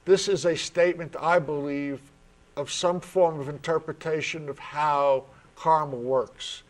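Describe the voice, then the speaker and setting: A man's voice: a little high, fairly even intonation, a little slow. A man with a New York accent who hosts a spiritual talk show, chatting with his panel in a friendly, earnest way. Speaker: host.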